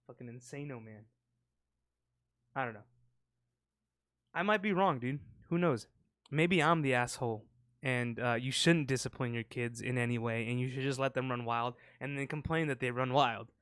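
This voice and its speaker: A man's voice: mid-range voice, normal speed, pauses often, fairly bright tone, dry recording, studio quality. A man co-hosting a podcast, rambling in casual, profane banter and acting out sound effects. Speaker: podcast co-host. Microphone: close podcast mic.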